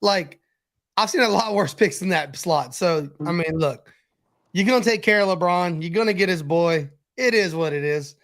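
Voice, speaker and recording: A man's voice: high voice, moderate pace, a bit bright. A man guesting on a casual sports podcast, laid-back, with lots of "like" fillers. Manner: laid-back, shrugging, says "like" a lot.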